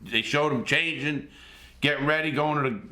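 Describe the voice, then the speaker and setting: A man's voice: a little high, moderate pace, bright, forceful tone. A middle-aged man giving blunt, streetwise casual commentary as a host, swearing freely. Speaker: host reacting to gameplay.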